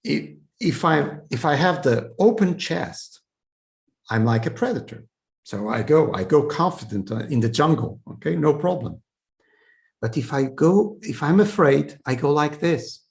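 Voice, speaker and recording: A man's voice: a little high, big pitch swings, unhurried, creaky, darkish tone. A man, giving a conversational training talk over a video call, often checking in with "so" and "okay". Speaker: communication trainer. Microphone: video call setup.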